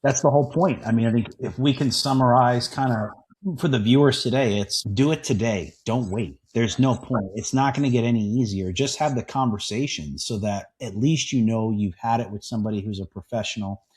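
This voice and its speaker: Man, podcast host, emphatic, mid-pitched voice, conversational interview. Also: a little fast, darkish tone. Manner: emphatic, repeats points for the audience.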